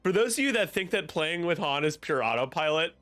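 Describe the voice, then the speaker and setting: A man commentating a tabletop miniatures game in casual chat, given to loud excited outbursts and frequent laughter. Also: on the high side, fairly quick, soft background music.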